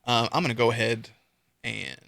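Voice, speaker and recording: A young man streaming live, ranting casually with lots of swearing and sudden high-pitched outbursts. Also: moderate pace, creaky, no room sound, clean studio sound. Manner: profane, animated, swings into high-pitched outbursts.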